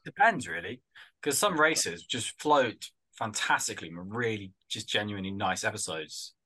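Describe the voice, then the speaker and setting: A man co-hosting a casual motorsport podcast, talking in a jokey, teasing, animated way. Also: fairly low pitch, normal speed, slightly rough. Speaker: podcast co-host.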